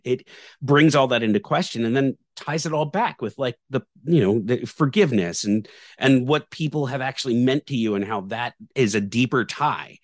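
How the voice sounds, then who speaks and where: A man's voice: medium pitch, no echo, studio quality. Man musing in a casual podcast chat. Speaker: podcast co-host.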